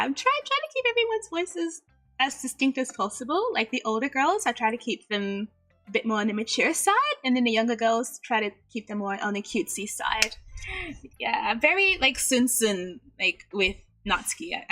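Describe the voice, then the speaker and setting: A bubbly woman chatting casually on a game livestream, giggling often and slipping Japanese phrases into her talk. Her voice sits a little high and sounds very bright. Soft music plays faintly behind her. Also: sing-song, moderate pace, creaky. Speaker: VTuber streamer.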